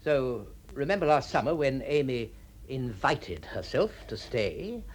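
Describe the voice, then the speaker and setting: An actor playing a gruff, irritable, penny-pinching husband in a vintage radio drama. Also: male voice, medium pitch, big pitch swings, a little slow. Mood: exasperated. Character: grumpy penny-pinching middle-aged husband. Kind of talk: 1960s radio drama acting.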